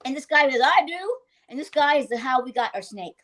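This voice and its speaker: An older woman, a guest actress, telling animated anecdotes in a casual interview and laughing often. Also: high-pitched, fast talker.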